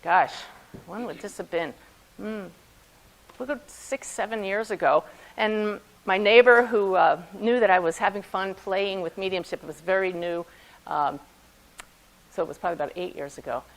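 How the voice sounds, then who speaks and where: A woman's voice: mid-range voice, moderate pace, rough recording. A woman, a spiritual medium, telling a personal story to an audience and acting out the voices in it. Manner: lively storyteller who acts out quoted voices. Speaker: spiritual medium giving a talk.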